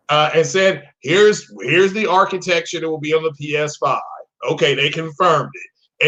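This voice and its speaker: A man's voice: a little high, fairly bright tone. A man co-hosting a gaming talk show, explaining at length with many hesitations and restarts. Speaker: co-host. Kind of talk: casual chat.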